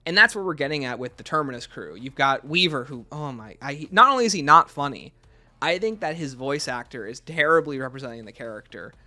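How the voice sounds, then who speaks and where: A man's voice: mid-range voice, expressive, fairly quick, sharp tone. A man giving an unscripted video game review in a casual, rambling way, often restarting his sentences.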